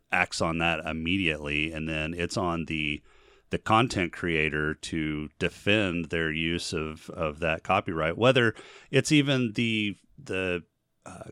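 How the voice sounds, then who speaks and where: A man's voice: low voice, sharp tone, smooth, no room sound, clean studio sound. A man co-hosting a gaming podcast, explaining points earnestly in casual chat. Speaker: podcast co-host.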